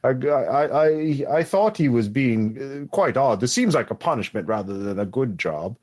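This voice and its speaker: A man's voice: medium pitch, animated, moderate pace, darkish tone, lightly acted. A man voicing a timid, rambling male clerk in a tabletop role-play, with a put-on accent and a nervous, chatty manner. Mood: nervous chatter.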